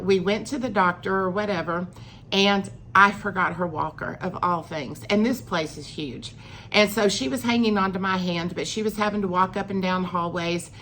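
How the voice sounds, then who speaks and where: A middle-aged woman with a mid-range, fairly bright voice tells a personal story in a chatty vlog, with a little hiss or hum in the audio. She acts out what people said, giving quoted lines rising emphasis.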